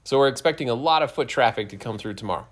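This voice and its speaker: A man co-hosting a casual podcast, chatty and laughing often. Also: rapid-fire. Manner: laughing often, chatty, lively swings in pitch. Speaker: podcast co-host. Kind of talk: casual chat.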